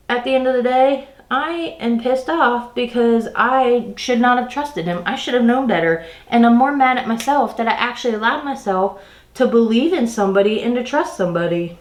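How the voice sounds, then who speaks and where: This woman talks fairly quickly at a fairly high pitch, and the sound is roomy. As a beauty vlogger doing her makeup, she vents an exasperating work story in a casual storytime, ranting and animated.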